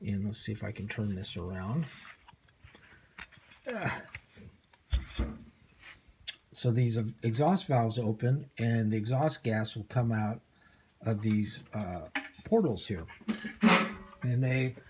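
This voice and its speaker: A man's voice: lowish voice, slow pace, pauses often, background noise. An older man casually demonstrating an old motorcycle engine part he is rebuilding, in a folksy, self-deprecating way with plenty of ums and uhs. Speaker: hobby motorcycle mechanic.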